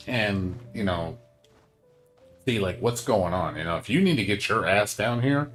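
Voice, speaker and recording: Ranting, swearing male game streamer, low voice. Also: expressive, slow pace, long pauses, a bit bright, faint music behind. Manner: ranting, swears a lot, lots of fillers. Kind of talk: casual chat while streaming a game.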